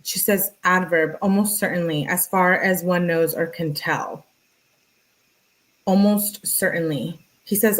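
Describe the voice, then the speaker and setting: A woman hosting a true-crime channel, reading text messages aloud in an even way and adding casual, exasperated asides. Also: on the low side, measured pace, rough recording.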